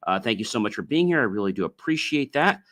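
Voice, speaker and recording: Low-voiced man hosting a solo podcast. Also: big pitch swings, a bit bright. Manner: chants drawn-out oms in demonstration; loose, filler-heavy, repeats himself. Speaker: podcast host. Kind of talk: casual solo podcast talk.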